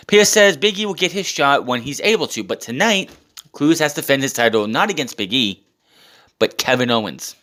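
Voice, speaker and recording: A man's voice: mid-range voice, very animated, normal speed, a bit bright. A man recapping a show in a casual, blunt and sarcastic way, with swearing and filler words. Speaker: wrestling show reviewer.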